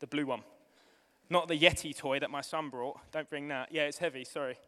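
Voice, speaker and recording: A man preaching a sermon to his church, excitable and building to fervent shouting, with a live demonstration. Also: fairly high pitch, fairly quick, slight background noise. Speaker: pastor. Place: church hall. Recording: long hall reverb with music behind.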